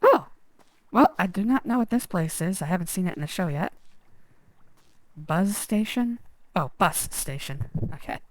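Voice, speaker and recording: A woman's voice: fairly low pitch, lively intonation, measured pace, pauses often, no echo, rough recording. A woman streamer chatting casually and rambling over gameplay, self-deprecating. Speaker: game streamer.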